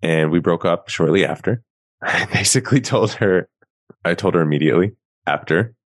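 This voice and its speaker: A man from Queens, a guest author, telling animated, self-mocking stories in a casual interview. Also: deep voice, normal speed, no room sound. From Queens, New York.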